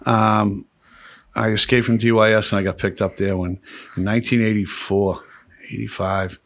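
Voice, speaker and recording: A man, hosting a podcast and telling profane, animated stories with laughs. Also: lowish voice, moderate pace. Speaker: podcast host. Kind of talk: casual storytelling chat.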